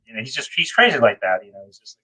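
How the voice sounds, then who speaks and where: A man's voice: medium pitch, sing-song, racing, sharp tone, slightly rough, rough recording. A man telling a rambling, self-deprecating story in a casual chat, over a video call. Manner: rambling, many fillers and restarts, self-deprecating. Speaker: guest.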